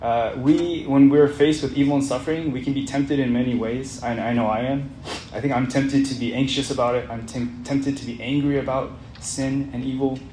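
A man's voice: medium pitch, steady tone, normal speed, dark tone. A man teaching an interactive Bible study lesson in an earnest way, putting questions to the group as he reads. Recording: roomy echo, faint background noise.

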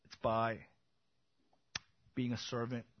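A man preaching an expository sermon as pastor, swinging from loud emphatic bursts to quiet intimate asides. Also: mid-range voice, completely flat delivery, slow pace, dull audio, slight background noise.

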